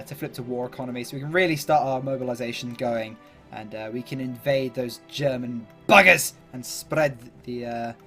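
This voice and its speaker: A gaming YouTuber with a mid-range, fairly bright voice plays a strategy game. His commentary is casual and chatty, full of fillers as he thinks aloud and laughs at himself.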